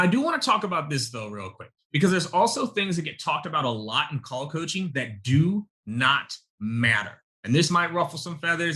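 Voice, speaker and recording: A man in his thirties leads a live sales-coaching webinar with a punchy, emphatic delivery. His voice is bright and forceful, and he keeps talking straight to his audience as y'all. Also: fairly high pitch. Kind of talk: energetic live webinar teaching.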